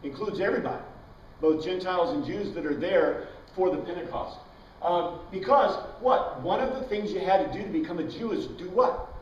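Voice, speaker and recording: A man's voice: sits high, expressive, normal speed, a little hiss or hum. A man teaching an informal Bible class, chatty, quizzing his students and wandering into tangents. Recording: dull, echoey room recording from far off.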